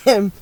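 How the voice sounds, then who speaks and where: A man's voice: a bit bright, slight background noise, poor audio. A man co-hosting a podcast from home, chatting casually in a rambling, sweary way that often breaks off mid-sentence. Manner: rambling, sweary, self-interrupting. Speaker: podcast co-host. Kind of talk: casual chat.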